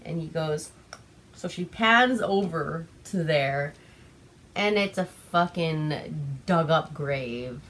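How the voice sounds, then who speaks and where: A woman's voice: sits low, expressive, takes it slowly, a bit bright, slight background noise. Giggly, chatty young woman from Alaska. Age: young adult. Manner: chatty and giggly, full of "like" and "um" fillers. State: tipsy from wine. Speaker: vlog host. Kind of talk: casual movie recap.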